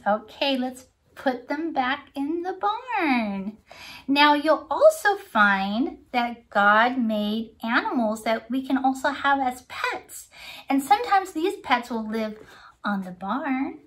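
A woman with a high voice teaches a children's church class at an unhurried pace. She sings simple songs, makes animal sounds and coaxes little ones to join in. Her delivery is sing-song and gentle. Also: sing-song. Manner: sing-song, coaxing, talks straight to young children. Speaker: children's Sunday school teacher. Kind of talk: children's lesson with sing-along.

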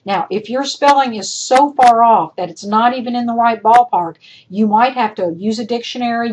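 A woman instructor gives recorded feedback to her class over a computer mic, in a voice pitched a little high. She speaks directly and chattily, repeating each point to drive it home. Her voice is starting to go hoarse. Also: darkish tone, low-quality recording. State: voice going hoarse. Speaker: college instructor. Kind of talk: recorded lecture feedback over screen demo.

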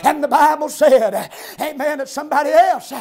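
A man preaches an old-time revival sermon in a very high, gravelly voice. He chants in rhythmic bursts broken by "uh", then climbs into shouted hallelujahs. His delivery swings hard between low, quick asides and ringing cries.

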